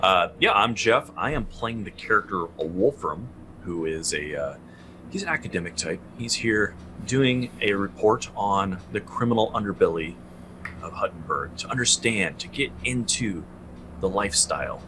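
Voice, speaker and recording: A man's voice: fairly low pitch, expressive, moderate pace, background noise. A man introducing his tabletop character with dry, wry humor. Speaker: player and podcast co-host. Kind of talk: casual chat.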